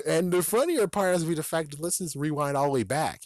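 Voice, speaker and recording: A man reviewing a book, ranting in an exasperated way, swearing often and laughing a lot, his voice shooting up high when he is outraged. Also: expressive, a little slow, long pauses, darkish tone, dry recording, studio quality.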